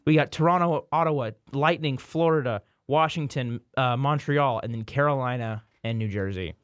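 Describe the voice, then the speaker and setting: A man's voice: medium pitch, normal speed, smooth, no room sound, studio quality. A man hosting a casual sports podcast, rambling through playoff picks with frequent restarts and repeated words. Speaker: podcast host.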